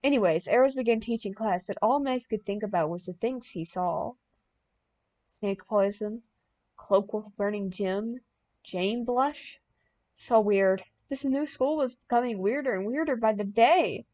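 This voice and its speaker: A young woman reading a fan-written story aloud as an audiobook, plain and deadpan, bursting out loud in the dialogue. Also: fairly high pitch, a little slow. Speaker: audiobook reader.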